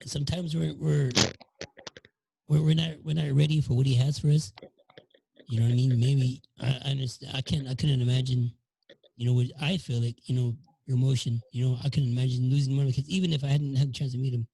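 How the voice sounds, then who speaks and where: Gravelly-voiced man talking faith. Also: medium pitch, flat delivery, fast talker, mellow, dry recording, low-quality recording. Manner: preachy, encouraging. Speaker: podcast host. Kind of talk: casual faith talk.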